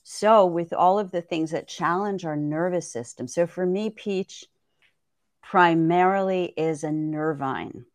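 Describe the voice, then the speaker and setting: A woman with a lowish voice talks as a guest on a podcast, laying out her herbal knowledge step by step. She is thoughtful and conversational, tagging her points with "right?". The sound is dry and close. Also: measured pace, no room sound. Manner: thoughtful, explanatory, frequent "right?".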